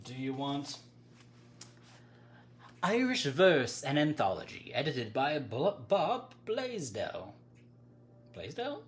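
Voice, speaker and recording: Laughing, rambling livestream host. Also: medium pitch. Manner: rambling, self-interrupting, laughs often. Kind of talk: casual livestream chat.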